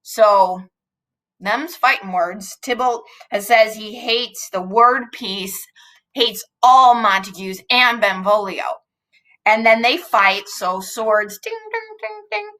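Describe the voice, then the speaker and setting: Woman, teacher, slow and chatty, bright tone, explaining from home. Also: medium pitch, steady tone, rough recording. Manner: reads lines aloud, then explains in casual, chatty asides. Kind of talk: explaining and reading aloud a play.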